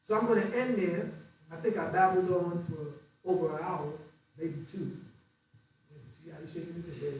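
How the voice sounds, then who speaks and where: Older male guest speaker with a high voice, blunt and colloquial, hammering points home. Distant mic, faint hiss. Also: steady tone, normal speed. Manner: fiery, blunt, colloquial, repeats for emphasis. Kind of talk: political lecture to an audience. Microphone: distant room mic. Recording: echoey hall recorded from far off.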